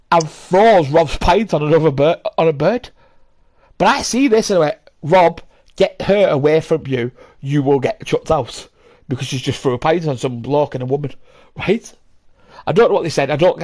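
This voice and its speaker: A young adult podcast host with a somewhat high, slightly mellow voice tells rambling, sweary stories in a casual way, laughing often and putting on voices.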